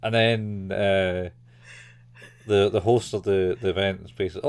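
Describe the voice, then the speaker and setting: A man co-hosting a casual podcast chat who laughs a lot and acts out quoted lines in a high, squeaky voice. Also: fairly even intonation, moderate pace, clean tone. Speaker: podcast co-host. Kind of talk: casual chat reviewing an anime.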